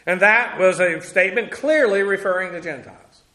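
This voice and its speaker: High-voiced man teaching a sermon. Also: brisk, sharp tone. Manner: conversational Bible teaching with frequent fillers and restarts. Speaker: pastor. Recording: echoey room sound.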